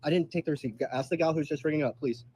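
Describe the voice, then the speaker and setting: A man's voice: on the high side, racing, darkish tone, slight background noise, rough recording. A man confronting a store clerk, arguing insistently while he films. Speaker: customer filming a store clerk.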